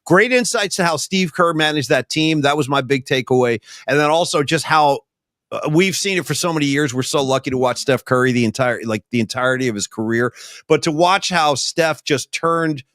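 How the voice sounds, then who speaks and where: A man co-hosting a podcast, chatting in an animated, rambling way and breaking into goofy voices. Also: on the high side, fairly quick, dry recording, clean studio sound. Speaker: podcast co-host. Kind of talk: casual sports chat.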